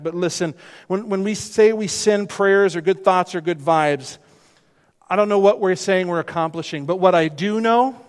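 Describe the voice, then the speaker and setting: A man's voice: sits high, big-room sound. A middle-aged male pastor preaching a sermon, emphatic and full of rhetorical questions and repeated phrases.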